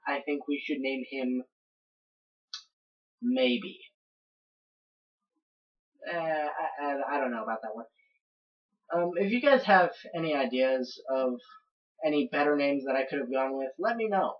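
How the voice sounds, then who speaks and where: Woman gamer, low voice, rambling let's-play commentary, dull lo-fi recording. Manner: rambling, chatty, narrates each step. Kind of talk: casual game commentary.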